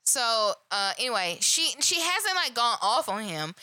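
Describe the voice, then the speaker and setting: A woman co-hosting a casual live chat, animated and profane, laughing loudly. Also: fairly high pitch, measured pace, slight background noise. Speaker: co-host. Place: live online stream.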